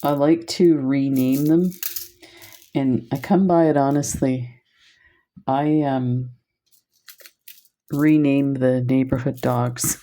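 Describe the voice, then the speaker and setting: A woman's voice: rumbling low, fairly even intonation, slow pace, long pauses, warm tone. A woman presenting beads on camera in a casual chat, telling stories and laughing often. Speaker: bead shop video presenter.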